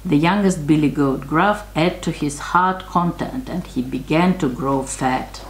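Slow, low-voiced grandmother reading a fairy tale. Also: creaky, echoey room, rough recording. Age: older. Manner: slow, gentle storybook reading. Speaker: storyteller grandmother.

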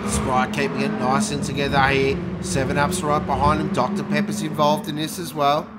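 A man commentating a sim race, joking and bursting out loud at each incident. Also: a little high, completely flat delivery, normal speed. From Australia. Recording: noisy with engine sound behind.

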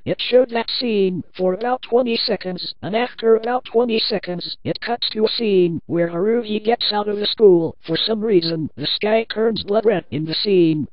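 A woman reads a first-person horror story aloud in a plain, earnest way, at a middling pitch. The recording is muffled and lo-fi, with a dry, close sound and no room around it. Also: no room sound. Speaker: narrator.

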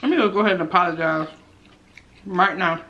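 For her mukbang video, a young woman eats while chatting and laughing, speaking to "y'all" watching. The recording is lo-fi with a little hiss or hum, and her lowish, slightly bright voice moves a bit fast.

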